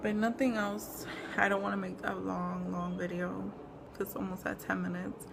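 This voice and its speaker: Breathless young woman, gravelly casual vlog. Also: mid-range voice, level tone, normal speed, noisy background. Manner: rambling, lots of "like" and "um". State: short of breath. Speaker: pregnancy vlogger. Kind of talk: casual chat.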